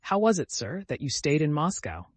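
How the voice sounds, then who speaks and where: A man's voice: fairly high pitch, big pitch swings, normal speed, slightly rough, no room sound. A man voicing a small, kindly peasant soldier with a tender, caressing sing-song manner. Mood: gentle.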